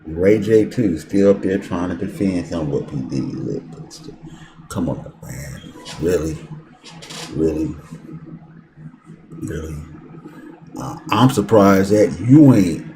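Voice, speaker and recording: A man's voice: deep voice, animated, takes it slowly, long pauses, background noise. A male host giving live news commentary, exclamatory and profane, repeating himself.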